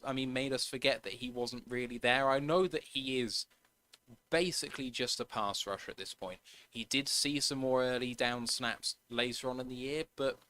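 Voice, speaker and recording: A man's voice: mid-range voice, pushed and bright, dry recording. A man co-hosting a sports podcast, casually running through a player's numbers and laughing at his own slips. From United Kingdom. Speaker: podcast co-host.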